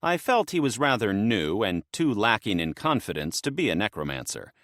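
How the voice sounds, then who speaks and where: A man narrating an audiobook in the first person, in a lively, expressive storytelling manner. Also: on the low side, moderate pace, no echo, clean studio sound.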